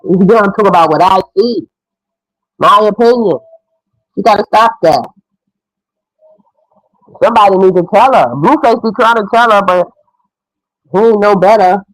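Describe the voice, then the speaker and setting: A woman's voice: mid-range voice, normal speed, pauses often, dry recording, rough recording. A middle-aged woman giving frank, opinionated casual commentary as a mother.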